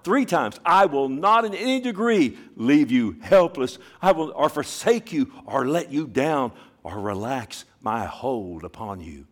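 A middle-aged man preaching a sermon as pastor, swinging from hushed, slow lines to loud, emphatic ones. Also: mid-range voice, animated.

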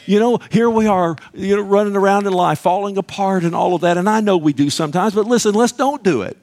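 A man's voice: high-pitched, fast, darkish tone. A man preaching a sermon, emphatic and conversational, often asking the congregation "Amen?" and acting out little dialogues.

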